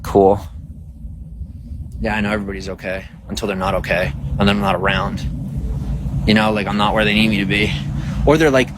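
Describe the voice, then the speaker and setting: Rambling low-voiced man on a livestream. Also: fairly even intonation, brisk, long pauses, background noise. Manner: rambling, talks to viewers, many fillers. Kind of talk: casual livestream chat. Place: outdoors at night, bugs around.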